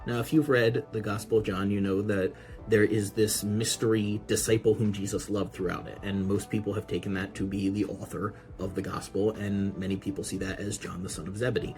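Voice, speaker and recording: Podcast host, male, low-pitched, relaxed conversational teacher of scripture. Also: a little fast, faint music behind. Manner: relaxed, explanatory, with casual asides.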